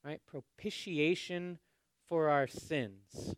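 A man preaching a sermon, often asking his congregation questions and swinging between loud and hushed. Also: on the high side, takes it slowly, clear, resonant tone, no room sound, clean studio sound. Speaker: pastor.

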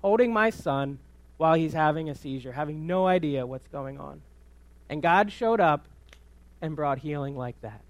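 A man in his thirties tells a personal story from the pulpit, chatty and full of restarts. His voice sits a little high, and the sound is close and dry with no room echo. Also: animated, normal speed. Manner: conversational storytelling with many restarts. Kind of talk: sermon testimony. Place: church.

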